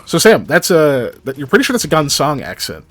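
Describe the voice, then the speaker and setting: A man narrating as game master for a tabletop game, halting with many ums and likes. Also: fairly high pitch, wildly swooping pitch. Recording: faint background music.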